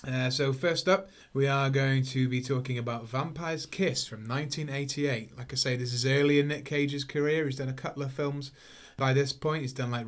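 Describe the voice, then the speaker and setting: A man hosting a casual film review podcast, talking in a rambling, stop-start way. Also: mid-range voice. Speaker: podcast host.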